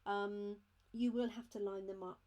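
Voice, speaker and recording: A woman's voice: mid-range voice, level tone, normal speed, dark tone. A woman demonstrating craft supplies, chatting and explaining each step as she handles items at her craft desk. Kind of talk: live craft unboxing demo.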